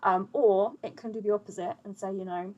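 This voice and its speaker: A woman's voice: medium pitch, steady tone, brisk, dark tone, dull audio. A young woman teaching poetry in a loose, chatty way, full of "um" and "you know". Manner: chatty, filler-heavy, loose explaining. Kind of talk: casual explainer lesson.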